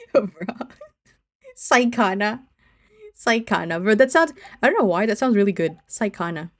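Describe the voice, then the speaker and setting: A woman's voice: medium pitch, expressive, unhurried. A woman streamer chatting casually with her viewers in a teasing, giggly way, often saying she's only kidding.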